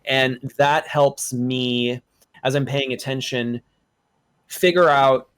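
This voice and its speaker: A man on a casual game master panel who talks thoughtfully and likes to question the terms before he answers. His voice sits at a medium pitch. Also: fairly even intonation, slow pace, a bit bright, smooth.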